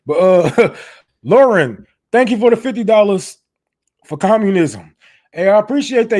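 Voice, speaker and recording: A man's voice: sits high, expressive, measured pace, darkish tone. Loose, profane man chatting on a livestream. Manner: loose, profane, laughing often. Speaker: livestream host. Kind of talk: casual livestream chat.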